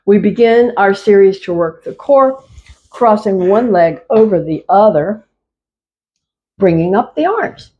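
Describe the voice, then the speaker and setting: A woman leading a chair yoga class, giving calm, repetitive cues to move slowly and breathe. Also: mid-range voice, dull audio. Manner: slow, calm, repetitive cueing. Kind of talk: guided exercise class instruction.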